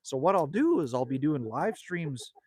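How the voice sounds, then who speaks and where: A man's voice: fairly high pitch, very animated, moderate pace, a little mellow, husky. A man, hosting a casual outdoor livestream and rambling in a friendly way while reading viewer comments. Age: 50s. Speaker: livestream host. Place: outdoors at a country cabin at sunset.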